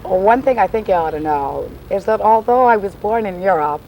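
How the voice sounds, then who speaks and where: A woman's voice: mid-range voice, lively intonation, fairly quick, mellow, slight background noise, poor audio. A woman performing a wry, confiding comic monologue about her life, outdoors in an alley. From Texas. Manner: wry, confiding, self-mocking. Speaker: solo stage performer.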